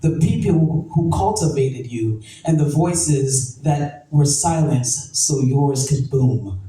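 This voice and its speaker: This poet, a woman with a low, dark, expressive voice, speaks slowly as she performs spoken word with rhythmic emphasis and recurring refrains. The mic is far away in a roomy event venue, giving an echoey sound with a little faint noise.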